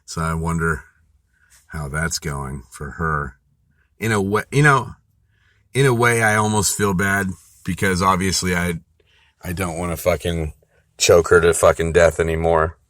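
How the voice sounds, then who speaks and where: A man with a deep, low-pitched voice tells a rambling personal story in a loose, profane way, stacking fillers and restarts as he goes. His tone is bright and forceful, and the recording is dry and close, with little room sound. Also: steady tone, unhurried, long pauses, no room sound. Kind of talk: casual storytelling monologue.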